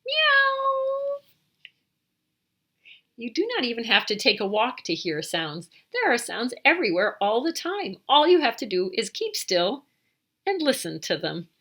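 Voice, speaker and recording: A woman reads a picture book aloud to young children in a storytime session. Her voice swoops high and low, clear and bright, as she pauses to ask questions and mimic animal noises. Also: big pitch swings. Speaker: storytime host.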